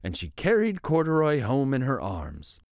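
A man reads a bedtime picture book aloud as host of a story show. His pitch swoops widely as he tells the tale with voices. The sound is dry and close, with no room echo. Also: wildly swooping pitch, normal speed, creaky.

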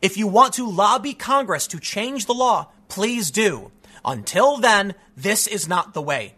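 High, bright-voiced man ranting commentary. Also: animated, unhurried, husky. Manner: emphatic, argumentative, repeats "man", frequent restarts. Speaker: political commentator. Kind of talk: opinion commentary reacting to news.

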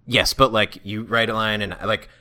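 A man's voice: fairly low pitch, flat delivery, normal speed, bright, forceful tone. A man co-hosting a podcast, chatting casually and sarcastically, with jokes and swearing. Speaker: podcast co-host. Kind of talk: casual chat.

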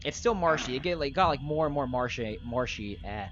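A man's voice: mid-range voice, animated, fairly quick. Young male game master, casual rambling narration, muffled lo-fi audio. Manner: rambling, filler-heavy, loose.

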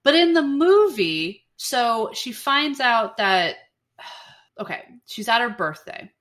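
A woman co-hosting a podcast, retelling a plot in casual chat, animated and swearing, acting out quotes. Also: on the high side, takes it slowly. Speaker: podcast co-host.

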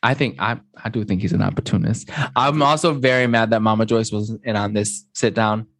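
A man's voice: fairly low pitch, a little fast, creaky, fairly bright tone, dry recording. Candid, giggly young man, dry sound. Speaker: podcast co-host. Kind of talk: casual chat.

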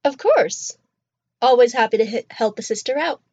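A woman playing a cheerful, easygoing young woman in character, with a bright, playful delivery. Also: fairly high pitch, animated, normal speed, slightly rough, highs cut off. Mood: friendly.

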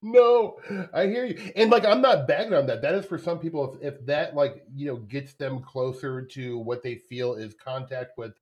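A man hosts a relaxed podcast interview in a mid-range voice. He circles his questions with plenty of "like" and "I mean", sounding curious and a little self-conscious. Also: medium pitch, normal speed. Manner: curious, rambling questions with many fillers. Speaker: podcast host. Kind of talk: casual interview chat.

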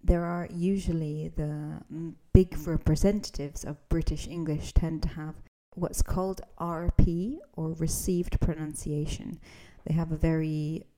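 Low dark-voiced Scottish woman teaching. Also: steady tone, a little slow, few pauses, low-quality recording. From Scotland. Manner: explanatory, conversational, with frequent ums. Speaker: English teacher, podcast host. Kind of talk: podcast lesson.

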